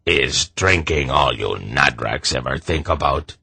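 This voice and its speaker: A man's voice: a bass voice, expressive, a little slow, creaky, sharp tone, husky, dry recording, heavily acted. A man voicing a short, strutting, suspicious army captain who talks in a belligerent, clipped way.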